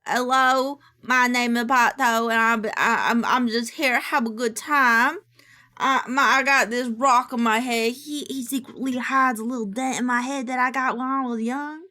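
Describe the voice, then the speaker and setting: A woman voicing a simple-minded, easygoing male country creature with a country accent, halting and restarting his words. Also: on the high side, steady tone, sharp tone. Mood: cheerful.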